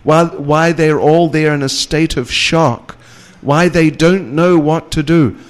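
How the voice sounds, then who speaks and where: Slow, measured male scripture teacher. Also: on the high side, steady tone. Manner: measured, reads verses with rising emphasis, light chuckles. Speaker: spiritual teacher. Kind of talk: scriptural lecture.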